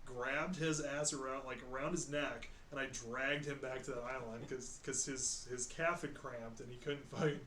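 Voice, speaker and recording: A man's voice: mid-range voice, moderate pace, few pauses. A man co-hosting a podcast, telling swear-filled stories in casual chat. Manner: profane, energetic storyteller. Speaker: podcast co-host. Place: shared studio. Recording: roomy studio with faint noise.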